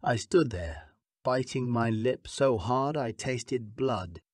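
Slow, dry-voiced male audiobook narrator. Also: mid-range voice, dry recording. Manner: measured, clearly paced reading.

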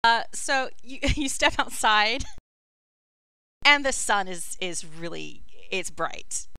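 Bright, crisp woman narrating as game master. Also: mid-range voice, animated, slow pace, no echo, low-quality recording. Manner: chatty, descriptive, with frequent fillers. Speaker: dungeon master.

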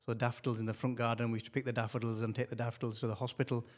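A middle-aged man, telling a personal story as a podcast guest, halting and repeating words with many fillers. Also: mid-range voice, little pitch movement. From northern England.

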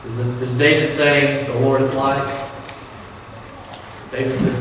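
Brief: male church elder, thirties, mid-pitched earnest sermon delivery, reverberant sanctuary. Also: level tone, a little slow, long pauses, noisy background. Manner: earnest, emphatic preaching with personal stories. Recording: long church reverb with faint ambience.

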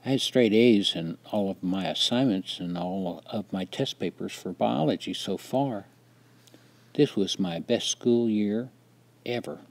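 Mellow older man reading a memoir. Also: fairly low pitch. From Wisconsin. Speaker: memoir narrator.

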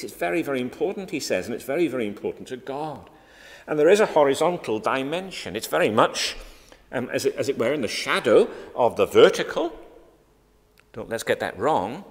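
A Northern Irish man leads a Bible study as pastor, speaking earnestly and stressing his points, with ums and restarts along the way. His voice sits fairly low. A long church reverb trails after each phrase. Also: fairly bright tone. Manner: earnest, emphatic preaching with frequent ums and restarts.

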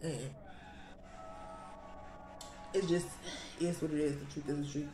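A woman's voice: sits low, steady tone, unhurried, echoey room, music in the background. A young woman vlogging in casual, sassy, slang-heavy chat.

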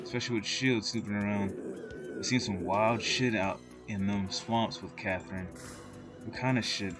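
A man's voice: lowish voice, steady tone, normal speed, close to an everyday voice. A man doing a sneering, surly gas station keeper. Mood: dismissive. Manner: sneering and dismissive. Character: surly, mocking small-town male gas station keeper. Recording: voice over game music.

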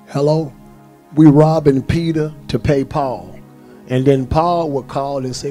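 A man preaching a sermon, leading call-and-response and rising to shouts. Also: on the high side, measured pace, faint music behind. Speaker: pastor. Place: church sanctuary.

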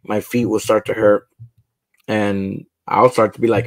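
A man's voice: lowish voice, level tone, normal speed, no echo. A man hosting a casual livestream while he builds, chatting loosely with viewers and a guest. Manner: laid-back, chatty, talks to viewers. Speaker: livestream host.

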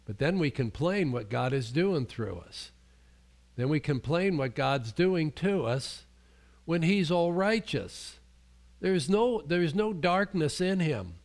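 A man's voice: a little high, big pitch swings, takes it slowly. A male pastor preaching a sermon in a conversational way, often restarting his sentences and acting out the voices he quotes.

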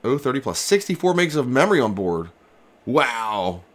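A man chats through a casual livestream from his home workshop. His voice moves around a lot in pitch as he reacts to each package. He sounds excitable and loose, with the occasional mild swear. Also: moderate pace. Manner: excitable, chatty, swears mildly. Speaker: retro computer restoration channel host. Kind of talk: casual livestream mail-opening chat.

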